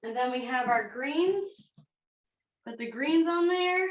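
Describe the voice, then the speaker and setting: A woman's voice: sits high, expressive, slow. A woman executive chef giving a chatty, step-by-step cooking demonstration in a kitchen. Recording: roomy, slightly dull sound.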